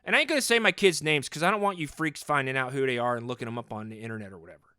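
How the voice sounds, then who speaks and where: A man's voice: mid-range voice, rapid-fire, bright, forceful tone, no echo, clean studio sound, close to an everyday voice. A man in his forties playing a hot-headed, overcompetitive sports dad in an improvised comedy podcast monologue, rambling and boastful and repeating himself. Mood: worked up. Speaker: podcast host in character.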